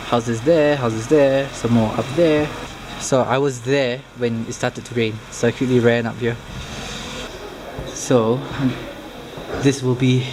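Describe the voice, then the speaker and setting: A man's voice: medium pitch, noisy background. Breathless man narrating a mountain hike. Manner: breathless, matter-of-fact commentary while climbing. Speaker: vlogger. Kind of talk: hiking vlog narration. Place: outdoors on a mountain trail.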